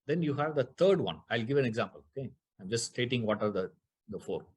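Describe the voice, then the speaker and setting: A man's voice: medium pitch, expressive, quick pace, breathy edge. A man teaching a scripture class, explaining Sanskrit grammar, repeating key terms and putting rhetorical questions to his listeners.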